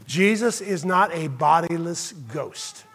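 Male pastor, high voice, emphatic sermon delivery, slows for lists. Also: expressive, a bit bright, slightly rough. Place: church sanctuary with congregation.

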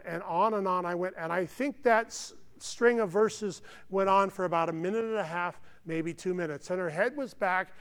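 A man's voice: sits high, a bit bright. A man preaching a sermon as pastor, earnest and emphatic, often tossing in "okay" asides. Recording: long hall reverb.

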